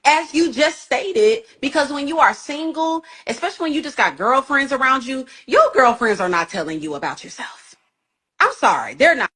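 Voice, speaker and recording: A woman's voice: high-pitched, very animated, moderate pace, sharp tone. A woman talking candidly about her own flaws in marriage, frank, emphatic and self-mocking. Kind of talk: candid confessional talk.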